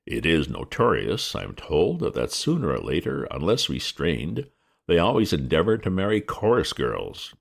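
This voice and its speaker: A man voicing a formal, deferential male valet who speaks in a measured way. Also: rumbling low, huge pitch swings, gravelly, husky, exaggerated voice.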